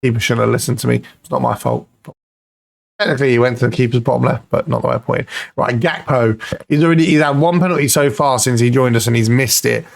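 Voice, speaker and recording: A man commentating his own football management game, excitable and pleading at the screen, swearing now and then. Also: mid-range voice, quick pace, creaky. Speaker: gaming YouTuber.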